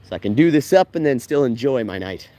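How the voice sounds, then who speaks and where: A man from Canada streams live while he strolls down a residential street outdoors. He jokes and talks straight to his viewers, loose and excitable, now and then bursting into higher, louder exclamations. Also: a little fast. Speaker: vlogger giving a filming-location walking tour. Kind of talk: casual live-stream walking tour.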